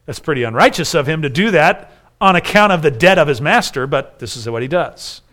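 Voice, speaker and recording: A middle-aged man preaching a sermon, telling a story with animated voices for the figures. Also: fairly high pitch, brisk. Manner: animated storytelling, acts out dialogue. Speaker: pastor.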